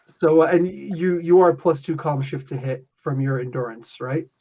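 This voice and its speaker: A man running a tabletop game session describes the action as game master, casual and rambling, often restarting his sentences. His voice is fairly high and warm, at normal speed, on lo-fi podcast audio.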